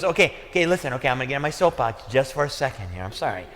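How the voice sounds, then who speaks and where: A male pastor with a Midwestern American accent preaching a sermon in a church, talking conversationally, repeating "okay" and "listen", and climbing to near-shouting when fired up. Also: medium pitch, very animated, rapid-fire, few pauses. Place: church sanctuary. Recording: reverberant church hall.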